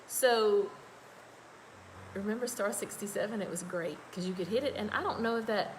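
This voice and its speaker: A woman's voice: medium pitch, normal speed, slight background noise, poor audio. A woman with a Louisiana accent, chatting in a rambling, folksy way as she tells a story while doing her makeup. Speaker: makeup vlogger. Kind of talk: casual storytelling livestream.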